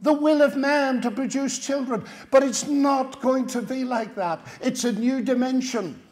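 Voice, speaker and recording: A man's voice: very high voice, unhurried, a little mellow. A man with an Irish accent giving a Bible teaching talk, engaging his listeners with rhetorical tag questions. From Ireland.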